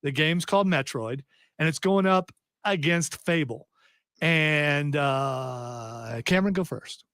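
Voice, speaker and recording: A man hosting a podcast panel, moderating a casual chat briskly and with jokes. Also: a little high, fairly bright tone, smooth, no room sound, clean studio sound. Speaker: podcast host.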